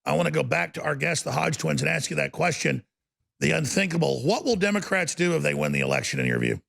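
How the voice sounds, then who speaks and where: A male political talk show host with a strongly gravelly, fry-heavy voice pitched fairly high. He talks emphatically and sounds incredulous, stacking questions on top of each other. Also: very animated, a bit bright. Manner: emphatic, incredulous, fast-shifting delivery.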